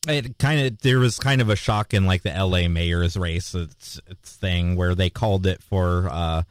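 A man's voice: low voice, normal speed, a little hiss or hum. A man co-hosting a casual chat in a laid-back, agreeable way, often answering with short "yeah"s. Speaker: podcast co-host.

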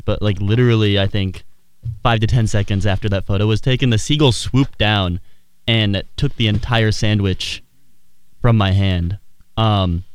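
Young college dude, low smooth voice, hesitant ums, dry mic. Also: male voice. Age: young adult. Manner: hesitant, storytelling with fillers. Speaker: co-host. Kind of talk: casual chat.

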